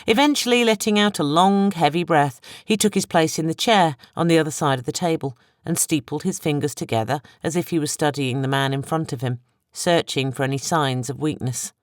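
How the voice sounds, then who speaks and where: An audiobook narrator reading a novel in steady, expressive scripted narration on a close studio microphone. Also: mid-range voice, brisk, no echo.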